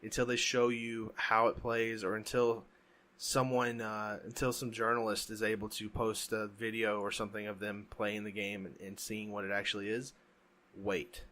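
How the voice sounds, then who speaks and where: A man co-hosting a casual podcast, his voice bright and forceful. He talks emphatically, pushing his points hard in an animated rant. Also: lowish voice, moderate pace. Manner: emphatic, ranting. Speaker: podcast co-host. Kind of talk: casual chat.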